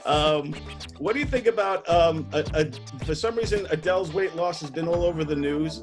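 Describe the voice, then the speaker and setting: Man, host, casual interview, chatty, laughing, higher voice, music behind. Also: normal speed. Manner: chatty, laughing, many fillers.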